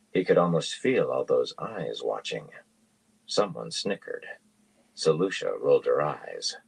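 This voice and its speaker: Male audiobook reader: very low pitch, husky, steady and measured. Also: rough recording. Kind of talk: reading a fantasy novel aloud.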